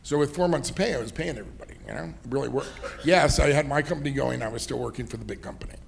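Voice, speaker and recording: A man's voice: mid-range voice, fast talker, gravelly, a little hiss or hum. A middle-aged man, an entrepreneur and investor, talking in a fireside chat, rambling through anecdotes with many "you know"s and laughs. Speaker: entrepreneur and investor, interview guest.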